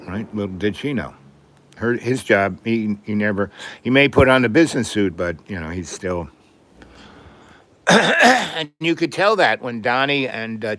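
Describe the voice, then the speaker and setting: Older man, rambling stories, live stream host, lowish voice, keeps clearing his throat. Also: fairly bright tone. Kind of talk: rambling storytelling.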